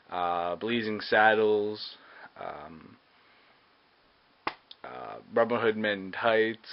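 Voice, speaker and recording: Guy rambling through a movie review, lots of ums, lowish voice, muffled hissy audio. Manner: hesitant, many ums and uhs. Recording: dull lo-fi recording with faint hiss.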